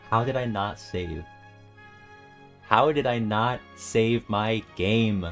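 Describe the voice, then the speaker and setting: A young man streaming a video game, joking and swearing, swinging from mumbles to yells, with faint music behind him. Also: fairly low pitch. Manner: swears a lot, jokey, swings from mumbling to yelling. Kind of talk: casual game-stream commentary.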